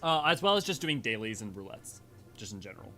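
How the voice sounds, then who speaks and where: Bright-voiced male game streamer. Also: lowish voice, big pitch swings, quick pace, faint music behind. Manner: rambling, self-correcting, nerdy. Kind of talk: casual livestream chat and game commentary.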